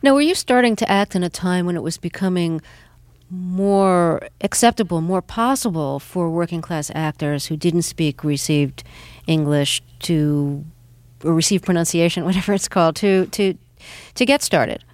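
Lowish-voiced female interviewer. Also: darkish tone, dry recording. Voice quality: measured, careful questioning. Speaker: interviewer, radio host. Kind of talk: interview questions.

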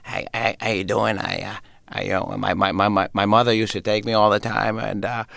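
A man's voice: fairly low pitch, little pitch movement, normal speed, creaky, fairly bright tone, no room sound. A man doing an impression of a goofy young male comedian who mumbles and stammers in a sing-song voice.

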